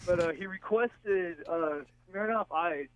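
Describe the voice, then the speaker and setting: A man's voice: sits high, takes it slowly. A man from Texas calling in to a radio show and telling a rambling, jokey party story over the phone. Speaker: caller. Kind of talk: casual storytelling. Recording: tinny phone line.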